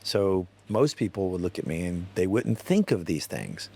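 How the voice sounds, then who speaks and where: Low-voiced Southern man hosting. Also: moderate pace, vocal fry, breathy edge. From North Carolina, US. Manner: chatty, relaxed, asks follow-up questions. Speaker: podcast host. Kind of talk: casual interview.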